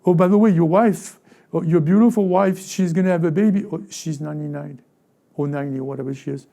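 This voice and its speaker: A male pastor preaches quickly in a church sanctuary, his fairly high voice gravelly and very dark. He fires rhetorical questions at the congregation, slips into brief acted-out voices of the people he describes, and often repeats and restarts phrases.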